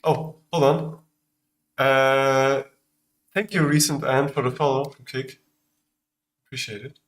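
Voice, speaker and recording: A man's voice: medium pitch, steady tone, slow. Austrian man streaming casually. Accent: Austrian German. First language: German. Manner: distracted, talks while working. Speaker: streamer making a game. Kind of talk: casual livestream chat.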